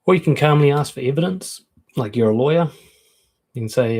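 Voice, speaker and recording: A man's voice: medium pitch, expressive, brisk, long pauses, a little mellow. A man coaching on relationships in a live-streamed talk, frank and conversational, acting out quoted comebacks.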